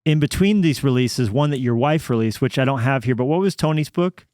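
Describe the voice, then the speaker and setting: A man co-hosting a podcast interview, telling stories in quick bursts when he gets excited. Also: mid-range voice. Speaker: podcast co-host. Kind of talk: casual interview chat.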